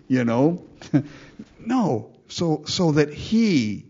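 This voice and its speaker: A man preaching a sermon in a lively way, acting out quoted prayers and laughing between lines. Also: on the high side, very slow, long pauses, slightly rough, muffled recording. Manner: animated, acts out quoted prayers, laughs often.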